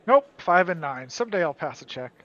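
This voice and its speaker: A woman's voice: lowish voice, big pitch swings, brisk, fairly bright tone, muffled recording. A woman player at a tabletop game, chatting casually and joking about her bad dice rolls. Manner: laughs easily, self-mocking about dice rolls.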